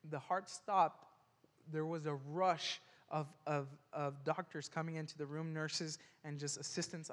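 A man telling a personal story earnestly, haltingly, with frequent restarts and repeated words. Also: on the high side, in a large hall.

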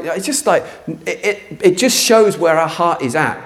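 A man preaching a sermon to a church congregation, passionate and earnest, sometimes rising to near shouting. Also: on the high side, animated, normal speed, few pauses. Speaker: pastor. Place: church hall.

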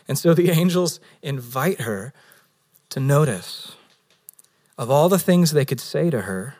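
A pastor preaching a Sunday sermon, earnest, rising for emphasis and dropping low and slow on key words. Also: male voice. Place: San Diego.

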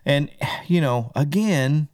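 A man's voice: fairly high pitch, expressive, slow, darkish tone, no room sound, studio quality. A man co-hosting a podcast, a musician talking in a rambling, easygoing way. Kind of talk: casual chat.

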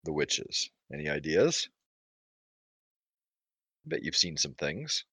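A man playing a gruff barbarian witch hunter in a tabletop game, talking low and slow with probing questions. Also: very animated, sharp tone, no echo, full character voice. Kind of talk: tabletop game role-play.

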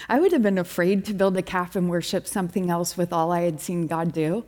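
A middle-aged woman preaching a sermon at church, animated, acting out quoted complaints with sudden high bursts. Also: brisk. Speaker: church speaker.

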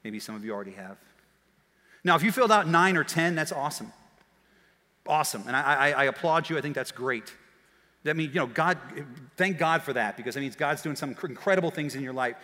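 A man preaching a sermon as pastor, telling stories in a lively way that swings from quiet asides to shouts. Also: mid-range voice. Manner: animated storytelling, shouting and quick laughs. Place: church auditorium. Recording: long hall reverb.

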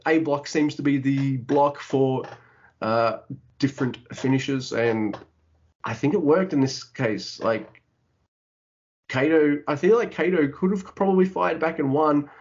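A man's voice: a little high, a little slow, dull audio. A man co-hosting a podcast, chatting casually and animatedly about wrestling, swearing often and acting out what the wrestlers said. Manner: animated, swears a lot, acts out wrestlers' lines. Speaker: podcast co-host.

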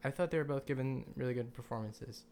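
A man's voice: medium pitch, quick pace, vocal fry, a little mellow. A man co-hosting a podcast, chatting casually, laughing often and trailing off mid-sentence. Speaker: podcast co-host. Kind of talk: casual chat.

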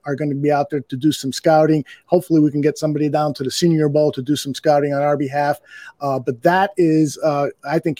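A man's voice: on the high side, mellow, no echo. A man hosts a casual sports podcast in a slightly raised voice. He rambles through fillers and laughs often. The mic sits close and dry. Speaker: podcast host.

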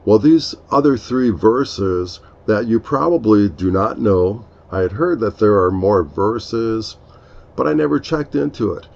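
A man hosting a reflective devotional talk, speaking in a slow, earnest, explaining way. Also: fairly low pitch, lively intonation, vocal fry, a little mellow, muffled recording. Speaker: podcast host.

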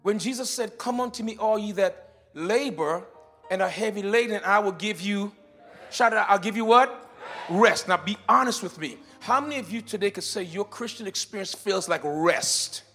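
High-voiced preacher with faint music. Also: male voice, normal speed. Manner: shifts from shouted declarations to quiet teaching; repeats words and restarts when explaining. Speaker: pastor. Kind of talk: sermon. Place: church sanctuary.

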